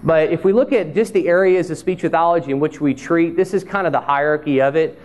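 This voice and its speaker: A man's voice: a little high, fast, darkish tone. A man who is a speech-language pathologist, giving a conference presentation in a conversational, self-deprecating storytelling manner. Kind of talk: conference presentation with humorous anecdote. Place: conference hall.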